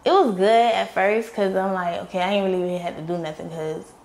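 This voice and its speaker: A woman's voice: on the low side, steady tone, brisk, a little mellow. A young woman, an interview guest, tells her story candidly in a blunt, profane way and acts out the voices of the people in it.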